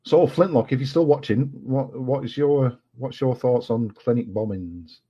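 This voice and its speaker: A guest from England chats casually on a late-night livestream from home, rambling, apologizing and using lots of fillers in his English accent. His voice is medium-pitched, moderately paced and slightly rough, captured in a dull lo-fi home recording.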